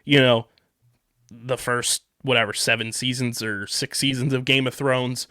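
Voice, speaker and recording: A man with a Philadelphia-area accent co-hosts a casual podcast and reviews a TV show with rambling enthusiasm, restarting his sentences often. His voice sits at a middling pitch. The sound is very dry and close, recorded on a podcast mic. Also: little pitch movement, a little slow, sharp tone, no echo. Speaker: podcast co-host.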